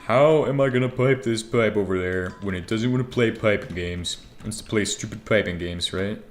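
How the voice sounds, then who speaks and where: Low-voiced young man rambling over gameplay. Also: moderate pace. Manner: rambling, swears freely, talks to himself. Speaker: gaming streamer. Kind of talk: casual gameplay commentary.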